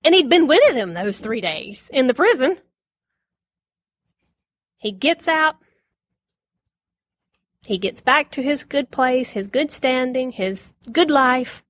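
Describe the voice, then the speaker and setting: A woman giving a casual Bible lesson, chatty and quick to laugh, acting out the lines she quotes. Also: high-pitched, lively intonation, dry recording, clean studio sound. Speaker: Bible teacher.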